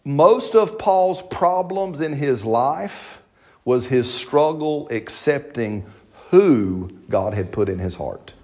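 A man's voice: medium pitch, lively intonation, takes it slowly. A man preaching a sermon as pastor, folksy and joking, with slang and playful asides to his congregation.

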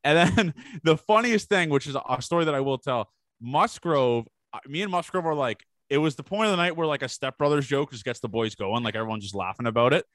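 Rambling and profane, the podcast co-host recounts party stories in casual conversation, acting out the quotes. His mid-range voice is expressive, fairly quick, and fairly bright, with no echo.

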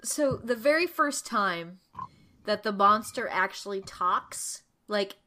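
A woman co-hosting a podcast, telling stories in an expressive, giggly way during a casual movie review. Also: mid-range voice, slow pace, slight background noise. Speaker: podcast co-host.

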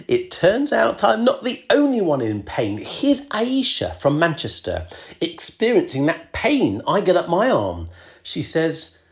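A woman's voice: on the low side, wildly swooping pitch, measured pace. A middle-aged woman hosting a scripted podcast, self-deprecating and prone to mock alarm. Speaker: podcast host.

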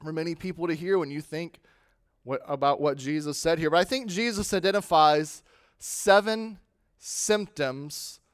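A man preaching a sermon as pastor, stressing points loudly and letting phrases fall away quietly. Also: on the high side, normal speed, clean tone, no room sound, studio quality. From United States. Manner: emphatic, swings between loud stress and quiet endings.

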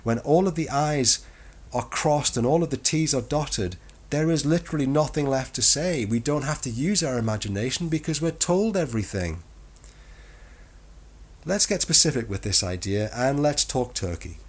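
Sardonic husky podcaster. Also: male voice, mid-range voice, lively intonation, moderate pace. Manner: sardonic, profane, lecturing. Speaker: podcast host. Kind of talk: opinionated monologue on literature.

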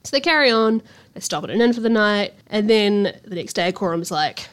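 A young woman hosting a casual book podcast, retelling the story in her own loose, chatty words. She swears freely and drops into quick voices for the characters as she goes. Her voice sits at an ordinary middle pitch. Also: expressive. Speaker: podcast host.

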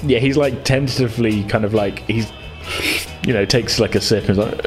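A man's voice: fairly low pitch, steady tone, moderate pace, music in the background. A man running a tabletop game podcast as game master, talking casually with frequent chuckles and fillers.

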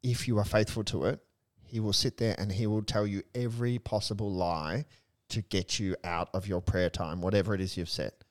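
A young man, a priest, talks through prayer in a relaxed discussion. His voice sits fairly low, and he tells stories with earnest energy and bits of humor. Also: moderate pace. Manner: earnest, animated storytelling with humor. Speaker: Catholic priest, co-host. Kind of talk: casual faith discussion.

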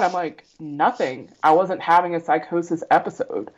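Low-voiced woman telling a blunt story. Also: normal speed, a little mellow, dull audio. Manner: blunt and profane, often laughing, acts out quoted voices. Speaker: podcast guest. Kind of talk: candid personal storytelling.

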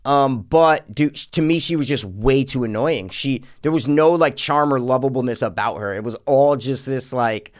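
A man co-hosting a podcast, talking casually and profanely about a movie, often jumping up in pitch to mock what characters say. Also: normal speed, few pauses. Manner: animated, profane, mocking voices in quotes. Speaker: podcast co-host. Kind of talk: casual movie review chat.

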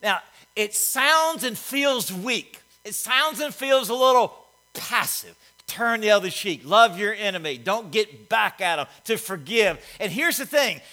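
A middle-aged man preaching a sermon, folksy and animated, telling stories with asides. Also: high voice, measured pace. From Alabama, US. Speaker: pastor.

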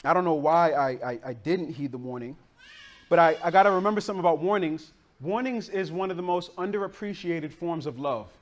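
High-voiced animated preacher. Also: male voice, brisk. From northern United States. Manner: conversational, streetwise slang, animated storytelling. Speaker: pastor. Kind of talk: sermon with storytelling.

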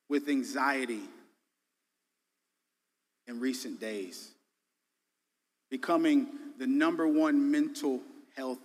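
A man preaching a sermon as a guest pastor, emphatic and casual, swinging between loud bursts and quiet drops. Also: on the high side, big-room sound. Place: church sanctuary.

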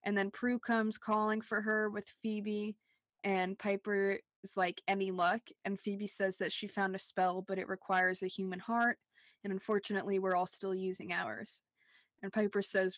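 A woman's voice: mid-range voice, level tone, normal speed, dry recording. Young woman, podcast co-host, casual chat, laughs a lot, dry close sound. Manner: laughs often, says "like" a lot, recaps scenes.

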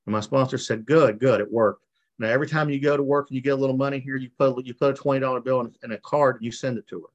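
A middle-aged man speaks in a mid-range, steady voice, talking rapid-fire with hardly any pauses on a muffled recording. Over a video call at a recovery meeting, he shares his recovery story as an earnest, emotional personal testimony, repeating himself as he goes.

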